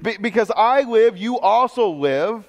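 Man, pastor, sermon, earnest, repeats opening words, slightly high voice, long church reverb. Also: lively intonation, unhurried. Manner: earnest, repeats words when starting sentences.

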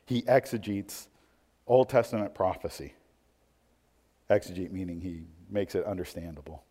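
A man's voice: low voice, moderate pace. Preaching man in a reverberant hall. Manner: swings from quiet musing to loud, emphatic preaching; asks rhetorical questions. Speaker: pastor. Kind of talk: sermon.

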